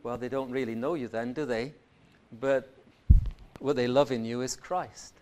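A man preaching a sermon, asking rhetorical questions and swinging between loud emphatic lines and quiet, reflective ones. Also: mid-range voice, steady tone, unhurried.

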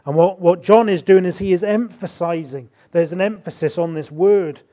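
A middle-aged man preaching a sermon, rising to emphatic bursts and dropping to quiet asides. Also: high-pitched, moderate pace.

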